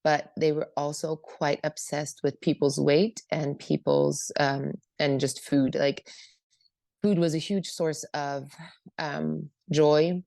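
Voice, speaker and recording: Emotional woman with a low, creaky voice. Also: flat delivery, takes it slowly, dark tone, no echo. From Germany. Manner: emotional, hesitant, many fillers. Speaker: speaker sharing her recovery story. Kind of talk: personal testimony at a meeting.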